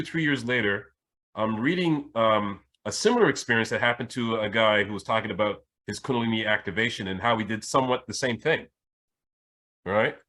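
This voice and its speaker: A man from Jamaica, a spiritual teacher hosting a podcast, tells a personal story in casual chat, restarting his sentences often. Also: lowish voice. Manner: animated anecdote telling with frequent restarts.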